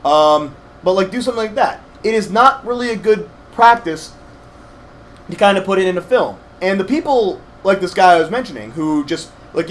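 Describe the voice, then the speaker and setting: A young man co-hosting a game playthrough, rambling through animated stories with lots of fillers. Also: high voice, fairly quick. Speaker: let's play co-host. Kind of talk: casual gaming chat.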